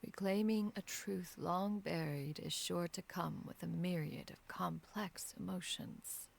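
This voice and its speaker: An actress voicing a wise, aloof immortal woman in a game, speaking in a formal, measured, archaic way. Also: fairly low pitch, fairly even intonation, vocal fry, heavily acted. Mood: solemn. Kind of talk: game dialogue.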